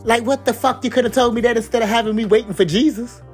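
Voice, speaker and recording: A man's voice: extremely high pitch, fairly even intonation, quick pace, soft background music. A man doing a comedic rant to camera, profane and exasperated, with a repeated catchphrase. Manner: profane, exasperated, mock-outraged; repeats a catchphrase between bits. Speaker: vlogger.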